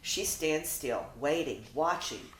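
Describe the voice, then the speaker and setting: Author reading to kids: lowish, very animated woman, echoey room. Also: slow, slight background noise. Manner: expressive, animated. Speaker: children's book author. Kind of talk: reading a children's story aloud. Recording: roomy echo.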